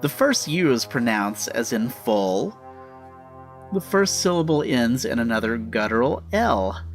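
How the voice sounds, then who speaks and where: A man giving a scripted, instructive narration, speaking deliberately and walking the listener through each step. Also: mid-range voice, lively intonation, faint music behind.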